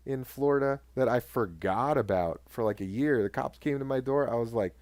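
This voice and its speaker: A man's voice: medium pitch, normal speed, no room sound. Swearing, storytelling podcast guy. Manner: swears often, animated retelling of cop stories. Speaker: podcast co-host. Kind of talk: casual chat, storytelling.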